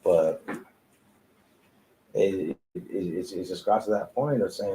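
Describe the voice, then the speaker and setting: A man's voice: low-pitched, takes it slowly, mellow, slight background noise, rough recording. A man who is a tattoo artist, telling his story in a casual, profane, laid-back way with frequent laughs, recorded in a tattoo studio.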